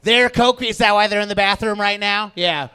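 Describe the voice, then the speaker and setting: A male stand-up comedian on a club stage with a handheld mic, energetic and animated, swinging from loud bursts to quiet asides. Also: high voice, fairly quick, clean tone.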